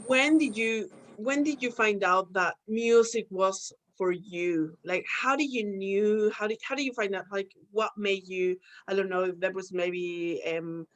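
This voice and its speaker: A woman's voice: medium pitch, poor audio. Bubbly woman hosting a podcast. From Mexico. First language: Spanish. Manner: bubbly, chatty, giggly. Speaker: podcast host. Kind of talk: casual interview chat.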